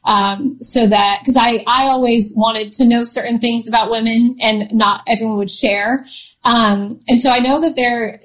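A woman's voice: on the high side, poor audio. A woman in her thirties telling a personal story in a casual interview, chatty, laughing often, with lots of fillers and restarts. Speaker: guest.

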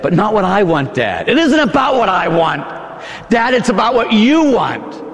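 A man voicing Jesus as an anguished grown man pleading with his father, breaking into shouts, in a long church reverb. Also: high-pitched, big pitch swings, normal speed, pitched above the performer's own voice.

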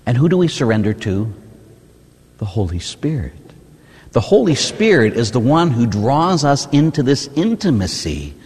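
Male priest giving a sermon, husky and animated, asks "huh?" a lot. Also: mid-range voice, moderate pace. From United States. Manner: animated preaching, asks "huh?" often, swings between loud and hushed. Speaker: Catholic priest. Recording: long hall reverb.

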